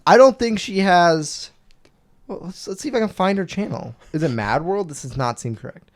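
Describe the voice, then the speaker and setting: A man's voice: sits high, animated, moderate pace. A young man hosting a podcast, rambling and swearing as he tells a story in casual chat. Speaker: podcast host.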